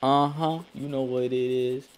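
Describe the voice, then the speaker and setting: A tired man on voice chat with a streamer, joking around in a relaxed way after a long session. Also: mid-range voice, a little slow, faint music behind. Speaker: friend on voice chat. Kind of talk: casual gaming chat.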